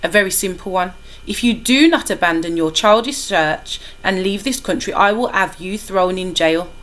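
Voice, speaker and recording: A woman's voice: medium pitch, moderate pace, a bit bright, close to an everyday voice. A woman voicing a smug, menacing male French police commissioner with a thick put-on French accent.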